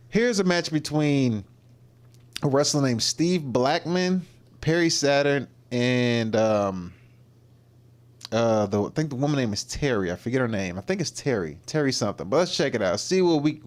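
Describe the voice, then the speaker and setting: A man casually commenting on clips during his livestream, rambling and circling back as he searches for words. His voice sits at a middling pitch, neither high nor low. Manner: rambling, with lots of fillers and restarts. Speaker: livestream host.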